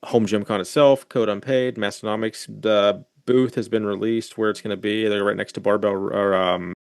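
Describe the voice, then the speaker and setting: Podcast host guy, lowish voice, swears a lot and jokes around, dry close sound. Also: fairly even intonation, clear, resonant tone, no room sound. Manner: profane, joking, quick asides. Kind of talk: casual chat.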